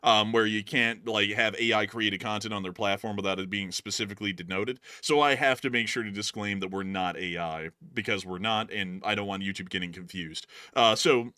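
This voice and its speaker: A man hosting a casual livestream chat, animated and quick to laugh. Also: on the low side, no room sound, studio quality. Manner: animated, laughs loudly, drawls "y'all". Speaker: host.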